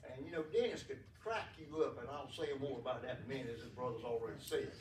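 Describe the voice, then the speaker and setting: In a church sanctuary, a man delivers a folksy funeral eulogy, telling rambling stories, chuckling often, and using plenty of fillers. His mid-range voice moves quickly, picked up by a distant mic in an echoey room with slight background noise.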